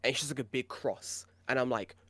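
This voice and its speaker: A British man co-hosting a podcast, chatting casually and telling animated stories with a lot of swearing. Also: mid-range voice, fairly quick, dry recording. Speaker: podcast co-host.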